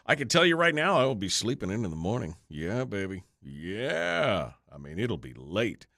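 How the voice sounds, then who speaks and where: A gravelly, sharp, lowish voice with big pitch swings and normal speed belongs to a male radio talk show host, recorded dry in clean studio sound. Chatting off the cuff with his online audience on a break, he rambles, yawns, sounds tired, and jokes at his own expense.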